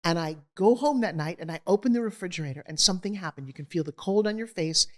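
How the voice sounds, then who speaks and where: A middle-aged woman appears as an interview guest, animatedly and candidly telling her life story and imitating the voices of people she quotes. She talks fast, with a fairly low pitch and lively intonation.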